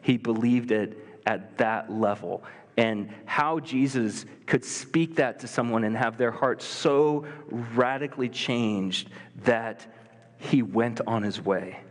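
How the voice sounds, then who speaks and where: A male pastor preaching a sermon in a conversational, animated way, sometimes acting out the voices of people in the text. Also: mid-range voice, slow pace, big-room sound. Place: church sanctuary.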